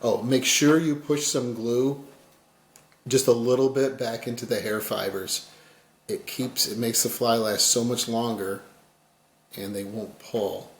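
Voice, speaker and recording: A man giving a casual fly tying tutorial, rambling and folksy, his voice often dropping quiet as he works. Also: mid-range voice, fairly even intonation, measured pace, roomy sound, a little hiss or hum.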